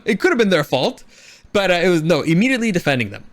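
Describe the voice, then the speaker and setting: A man giving his casual opinions on a TV episode, animated and swearing, often acting out the characters' lines. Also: high voice, quick pace. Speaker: show reviewer.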